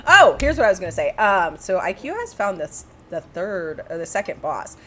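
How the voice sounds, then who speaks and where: A woman doing casual live race commentary, chatty and quick to laugh. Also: fairly low pitch, big pitch swings, sharp tone.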